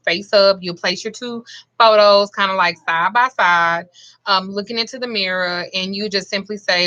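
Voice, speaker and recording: Chatty Southern woman, 40s, forceful bright tone, plain-spoken vlogger. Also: mid-range voice, lo-fi sound. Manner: chatty, blunt, swears freely. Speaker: spiritual practitioner. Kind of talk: casual vlog chat.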